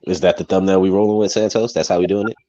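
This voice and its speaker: A man's voice: low voice, steady tone, very fast, mellow, no room sound, highs cut off. A man chatting casually on a live stream, joking and ribbing his friends with crude insults.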